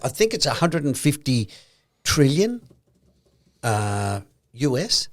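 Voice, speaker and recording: An Australian man co-hosts a relaxed podcast conversation about money. He builds his argument step by step and often plays out imaginary exchanges to make a point. His voice sits at an ordinary middle pitch for a man. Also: normal speed. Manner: explains points through acted-out hypothetical conversations. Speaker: podcast co-host. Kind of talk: casual chat.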